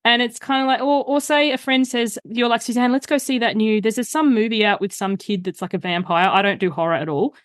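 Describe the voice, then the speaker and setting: A middle-aged woman, a coach who is a guest on a podcast, chatting casually and telling lively stories, acting out quoted voices along the way. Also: fairly high pitch, a little fast, few pauses, no room sound, studio quality. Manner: animated storyteller, acts out quoted voices.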